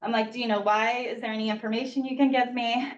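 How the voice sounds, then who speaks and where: A woman's voice: a little high, fairly even intonation, dull audio. A mother in her thirties makes a public comment to a school board, earnest and at times choked with feeling. She stands some way back from the podium mic, so her voice sounds a little distant in the meeting room. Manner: emotional, earnest, rushed at times. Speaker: parent speaking at public comment.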